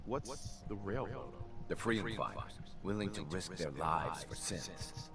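An earnest game son, deep and gravelly, music under him. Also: male voice, lively intonation, measured pace. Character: earnest young man defending a cause. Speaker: video game character.

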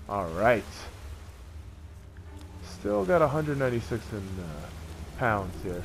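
A man narrating his game in a slow, unhurried drawl, swinging between mock-heroic lines and crude shouted taunts. His voice sits at an ordinary middle pitch. Steady noise from the game capture runs under him. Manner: bursts into yelling taunts. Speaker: gameplay streamer. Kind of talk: let's play commentary.

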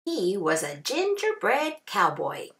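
A woman kindergarten teacher reading a picture book aloud, expressive with drawn-out phrases. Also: mid-range voice.

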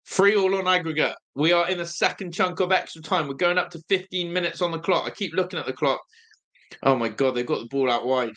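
A young man hosting a live football watch-along, nervous and excitable, groaning low one moment and shouting with joy the next. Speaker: fan watch-along host.

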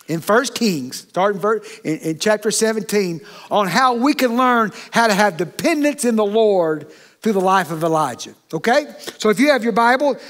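Middle-aged pastor, a man with a high-pitched voice, preaching in a folksy way that keeps turning to the congregation. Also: fairly bright tone. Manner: folksy, with frequent "okay?" and "amen?" asides to the congregation. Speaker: associate pastor. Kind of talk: sermon.

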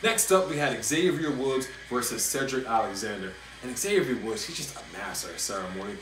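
A man's voice: mid-range voice, expressive, a little fast. A man hosting a casual wrestling review, talking animatedly and repeating himself when he gets worked up. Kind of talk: casual solo review commentary. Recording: echoey room with faint noise.

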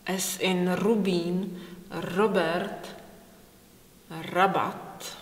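A woman with a Czech accent gives a pronunciation lesson, sounding out each example with slow care. Her voice sits at a middle pitch. The recording carries a long, roomy reverb. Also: steady tone. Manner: slow, careful, demonstrating sounds. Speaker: language teacher.

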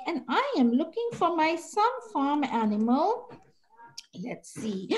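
A woman's voice: sits high, big pitch swings, slow pace, poor audio. A woman teaching an online preschool lesson, coaxing the children and making animal sounds.

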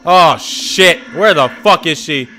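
A man's voice: on the high side, slow pace, sharp tone, a little hiss or hum. A man playing a horror game while commenting on it, muttering, swearing and breaking into frantic outbursts. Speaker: gaming YouTuber.

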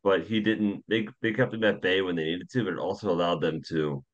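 A man co-hosting a sports podcast who breaks down the game in a measured, analytical way. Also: low-pitched, fairly even intonation, dull audio. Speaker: podcast co-host.

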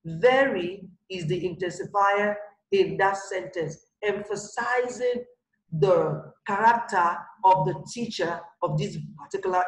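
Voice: mid-range voice, echoey room, poor audio. A teacher giving an online grammar lesson, repeating each example sentence and stressing the key words.

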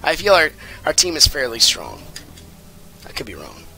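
A man in his thirties giving casual, rambling and jokey commentary while playing a game, with sudden excited outbursts. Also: on the high side, moderate pace, gravelly, a little hiss or hum. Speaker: let's play commentator.

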